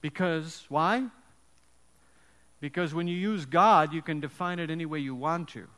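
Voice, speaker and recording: A man preaches a sermon in a high voice and lets his pauses hang for effect. The sound has a long reverb, as if from a church hall. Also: a bit bright. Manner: emphatic, storytelling delivery with dramatic pauses. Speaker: pastor.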